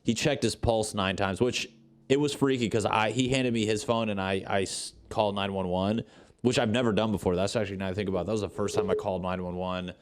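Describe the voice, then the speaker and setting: A young man with a lowish voice tells a story on his podcast, rambling and swearing freely. He slips into the voices of the people in the story as he goes. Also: fairly even intonation, fast. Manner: profane, rambling, acts out quotes. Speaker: podcast host. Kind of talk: casual storytelling monologue.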